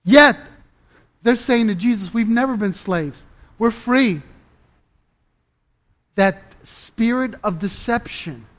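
A man preaching a sermon, deliberate and emphatic, dropping to a low, intense hush at times.

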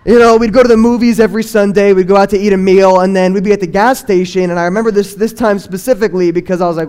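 A young man with a high voice tells his own faith testimony in an earnest storytelling way. He acts out remembered remarks in lively bursts. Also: quick pace. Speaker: testimony speaker. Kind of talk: personal testimony.

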